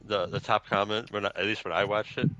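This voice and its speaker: A man's voice: lowish voice, steady tone, fast talker, highs cut off, a crowd in the background. A man co-hosting a podcast in casual chat, rambling and laughing often. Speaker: podcast co-host.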